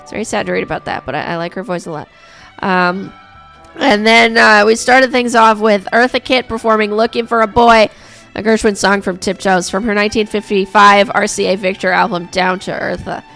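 A woman hosting a radio show, chatting casually and rambling with lots of fillers and restarts, a little hoarse from coughing. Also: medium pitch, fairly even intonation, brisk, fairly bright tone, faint music behind.

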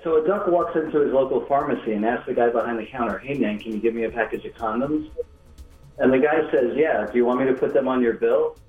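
Caller from Long Island on a tinny phone line. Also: male voice, medium pitch, quick pace. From Long Island, New York. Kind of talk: telling a joke on a call-in show. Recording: tinny phone line, echoey, music under.

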